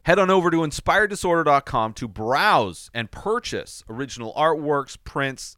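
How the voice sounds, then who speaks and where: A man's voice: medium pitch, a bit bright, clean tone, no echo, clean studio sound. A man, the podcast host, reading an upbeat ad for his own products. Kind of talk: self-promotional ad read.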